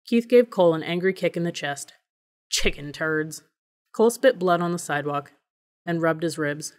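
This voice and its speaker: A woman narrating an audiobook in a measured, even reading voice. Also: on the low side.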